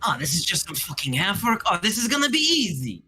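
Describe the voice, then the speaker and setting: A man voicing a cocky, sneering rogue who mocks his foe in a high, rising voice. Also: very animated, fast talker, sharp tone, exaggerated voice. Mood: mocking. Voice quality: sneering, mocking.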